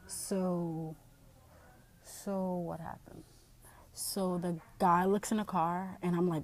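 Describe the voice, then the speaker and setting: A woman's voice: lowish voice, flat delivery, takes it slowly. A young woman telling a personal story to camera in a rambling way, full of "like" and "you know". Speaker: vlogger.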